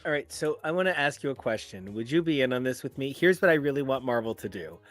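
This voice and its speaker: A man's voice: mid-range voice, animated, quick pace, fairly bright tone, faint music behind. A man co-hosting a comic book podcast, talking in a playful, theatrical and florid way. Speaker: podcast co-host. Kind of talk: casual comic book chat.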